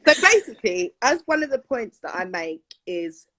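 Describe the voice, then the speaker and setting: A woman's voice: on the high side, very animated, moderate pace, a bit bright. Frank woman telling stories. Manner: frank, storytelling. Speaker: peer educator. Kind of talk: casual discussion.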